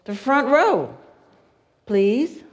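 A woman's voice: fairly high pitch, very animated, drawn-out words, pitched above the performer's own voice, heavily acted. A woman voicing an indignant elderly woman, the pastor's proud mother, in a joke told during a church talk. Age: older. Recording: long church reverb.

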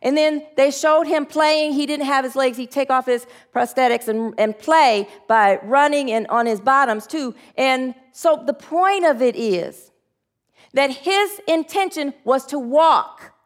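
Woman spiritual teacher with a somewhat high voice, earnest sermon delivery and call-and-response affirmations. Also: a little slow.

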